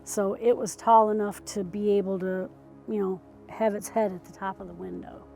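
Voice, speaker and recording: Woman telling a tense story, hushed. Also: medium pitch, fairly even intonation, normal speed, creaky, faint music behind, rough recording. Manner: drops to a hushed near-whisper when reliving tense moments; conversational, with fillers and restarts. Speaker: eyewitness recounting an encounter. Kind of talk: casual spoken storytelling.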